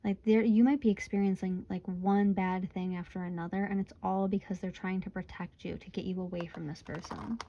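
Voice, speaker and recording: A woman's voice: mid-range voice, flat delivery, brisk, hardly any pauses, dark tone, highs cut off. A woman in her twenties from Michigan, chatting casually through a tarot reading, tired and yawning. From Michigan, USA. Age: 20s. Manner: chatty, giggly, often breaks into laughter. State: sleepy, yawning. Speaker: tarot reader.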